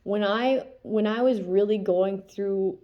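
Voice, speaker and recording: Speaking slowly in a mid-range voice, with the high frequencies cut off, this congested tarot reader keeps things casual and spiritual. She chats freely, fills gaps with fillers, checks in with "okay?" again and again, laughs a lot, and occasionally reads a passage out loud.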